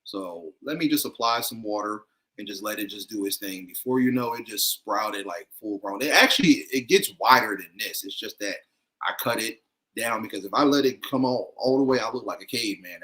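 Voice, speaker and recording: Man, bright voice, easygoing storyteller, casual guest chat over a video call. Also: lowish voice, fairly quick. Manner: laid-back, chuckling, storytelling. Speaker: guest content creator.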